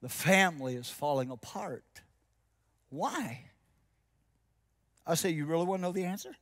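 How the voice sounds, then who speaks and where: With a slightly high voice and lively intonation, a pastor delivers a sermon story at an easy, unhurried pace. He acts out each side of a dialogue, dropping to a quiet intensity for the main ideas.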